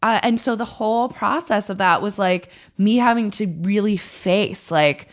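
A woman's voice: mid-range voice, normal speed. A woman in her thirties, a podcast guest talking candidly and rambling, swearing freely and poking fun at herself. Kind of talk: candid casual chat.

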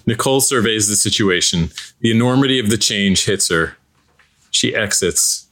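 A man hosting a podcast, reading stage directions and then signing off in a relaxed, conversational way. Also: fairly low pitch, moderate pace. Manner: relaxed, conversational, some restarts. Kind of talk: scripted narration and podcast sign-off.

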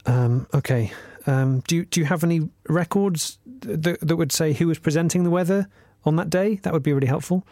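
A man narrating a comedy podcast investigation in an earnest, self-important, deadpan way. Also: a little high, brisk, few pauses, no room sound, clean studio sound.

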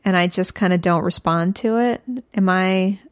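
This woman has a low voice for a woman and talks in an easygoing way as she recaps a show with her co-host. She laughs often and keeps the chat casual. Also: fairly even intonation, moderate pace, clean tone. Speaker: podcast co-host.

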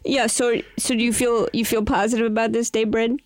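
A woman hosting a comedy call-in game show, upbeat and giggly, trading quick banter with callers. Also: on the high side, level tone, dry recording. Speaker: host.

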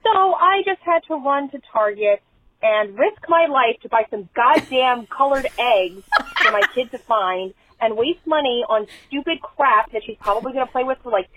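A woman's voice: a little high, no echo. Exasperated woman ranting on tinny voicemail. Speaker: caller leaving a voicemail. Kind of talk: voicemail rant. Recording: tinny dry phone voicemail.

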